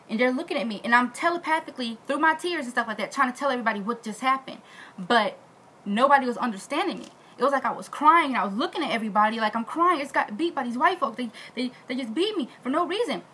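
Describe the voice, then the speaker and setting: Woman vlogger, kinda high voice, super animated, acts out all the voices, little bit of hiss. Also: rough recording. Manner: animated, acts out quotes with big pitch jumps. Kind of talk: casual storytelling to camera.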